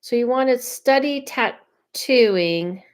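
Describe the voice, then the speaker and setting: A woman psychic medium chatting on a live stream, reading viewer questions aloud, often restarting and thinking out loud as she talks. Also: fairly high pitch, expressive, takes it slowly, clean tone.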